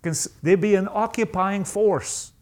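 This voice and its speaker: A man voicing God the Father as weary and pleading, asking in a quick, exasperated way. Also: high-pitched, a little mellow.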